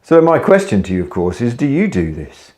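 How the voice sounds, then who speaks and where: A man's voice: medium pitch, wildly swooping pitch, brisk, a little mellow. A man, a business coach telling a story to camera in a casual, blunt way with some swearing. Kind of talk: casual video talk to camera.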